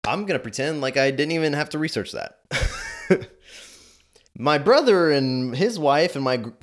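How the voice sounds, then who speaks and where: A man hosting a casual podcast, rambling and correcting himself as he talks. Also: medium pitch. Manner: animated, rambling, self-correcting. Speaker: podcast host. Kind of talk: casual chat.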